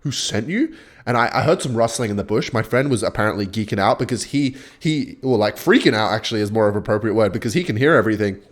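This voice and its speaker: A young man chatting excitedly while playing a game, mixing play-by-play commentary with a story. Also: on the low side, quick pace, few pauses. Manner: excitable, chatty, swings between hype and muttering. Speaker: gaming YouTuber. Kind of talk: live gameplay commentary with storytelling.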